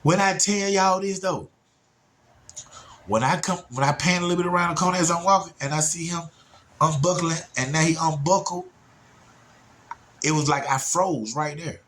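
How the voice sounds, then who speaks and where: Animated man telling a story. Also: normal speed, pauses often, a little hiss or hum. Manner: animated, swinging pitch widely for emphasis; talks straight to listeners, often with "y'all" and "man". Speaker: storyteller recounting his childhood. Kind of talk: casual spoken storytelling.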